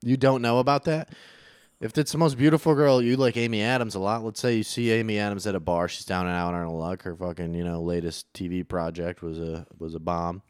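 A man's voice: deep voice, steady tone, brisk, clear, resonant tone, dry recording, studio quality. A man co-hosting a podcast in casual banter, teasing and spinning absurd hypothetical scenarios. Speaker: podcast co-host.

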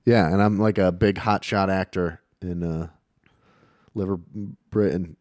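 A man in casual comedic banter, deadpan and teasing, riffing on silly bits. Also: sits low, a little slow, dry recording, clean studio sound.

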